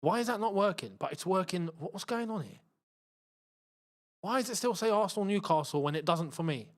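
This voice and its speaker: A young man with a London accent hosting a live football watchalong, chatting excitably and muttering to himself as he fiddles with the screen. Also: high voice, a little fast. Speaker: football channel host.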